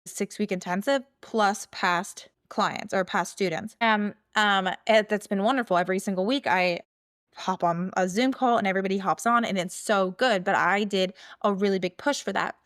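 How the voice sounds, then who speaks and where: A woman's voice: mid-range voice, moderate pace, fairly bright tone. A woman hosting a podcast, talking casually and chattily, full of "like" and "okay?" checks. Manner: chatty, filler-heavy, with many "like"s and "okay?"s. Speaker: podcast host. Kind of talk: casual solo podcast talk.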